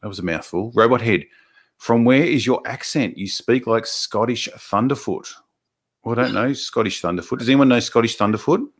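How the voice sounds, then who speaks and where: With a mid-range voice and moderate pace, an Australian livestream host reads viewer comments in a casual stream. His talk rambles, full of swearing, fillers, and frequent restarts.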